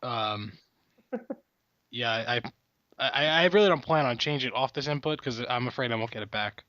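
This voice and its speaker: A man's voice: medium pitch, animated, moderate pace, bright, forceful tone, no echo. A man rambles through a casual comedy podcast chat, swearing freely and poking fun at himself. He calls in from a hotel room, and his voice comes through dull, dry and lo-fi. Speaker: podcast co-host. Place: hotel room, calling in remotely.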